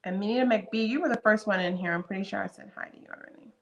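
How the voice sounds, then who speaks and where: A woman's voice: mid-range voice, very fast, muffled recording. A woman in her fifties hosting a live stream, chatting casually and greeting viewers one by one by name. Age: 50s. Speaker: livestream host.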